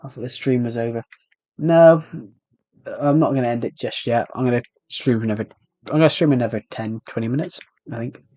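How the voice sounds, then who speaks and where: Chatting casually with his viewers, a British man livestreams a game, rambling and talking to himself as he plays. His medium-pitched voice is warm and a little fast, and there's no echo.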